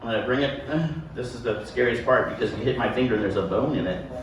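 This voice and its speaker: A man's voice: medium pitch, fast, crowd noise. A man doing live sideshow stage patter with a volunteer, joking and self-deprecating as he rambles through his act. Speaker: sideshow performer. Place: live show venue with audience. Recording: echoey room, distant mic, background noise.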